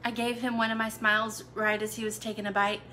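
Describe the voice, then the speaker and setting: A young woman chats to her viewers in a bright, fairly high voice, upbeat and playful, tossing in jokes between bites. A faint hiss of background noise sits under her voice. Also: level tone, quick pace. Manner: chatty, upbeat, playful asides. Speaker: cooking channel host. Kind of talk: casual live video chat.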